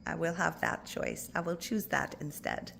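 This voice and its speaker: A woman spiritual coach giving gentle, reassuring advice to an online group and calling listeners by endearments. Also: sits low, wildly swooping pitch, moderate pace, vocal fry, slight background noise.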